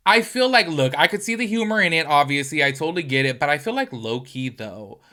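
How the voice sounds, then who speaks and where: A man's voice: on the high side, fairly quick. A man hosting a reaction video, talking in a casual, gossipy way with lots of "like" and "y'all". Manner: animated, chatty, full of "like" and "y'all".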